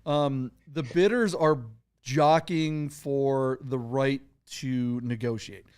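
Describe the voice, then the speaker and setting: A middle-aged man co-hosting a podcast, chatty and animated in casual talk. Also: mid-range voice, takes it slowly, clear, resonant tone. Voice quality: chatty, animated, laughs easily. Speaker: podcast co-host. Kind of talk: casual chat.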